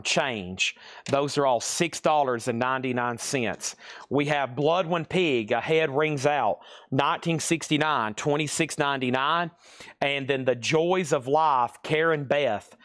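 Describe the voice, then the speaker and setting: A man hosting a live online record sale at a middle pitch, rattling off items and prices in a brisk, businesslike way. He checks in with the viewers now and then. His voice is close and dry, with no room sound. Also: fairly bright tone, dry recording.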